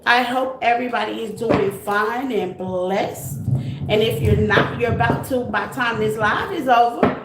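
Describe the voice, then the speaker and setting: Slow-talking woman streaming live in an echoey room. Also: on the high side. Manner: warm greetings to viewers, affectionate terms like baby and honey. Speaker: tarot reader hosting a live stream. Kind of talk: casual live-stream chat. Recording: echoey room, faint noise.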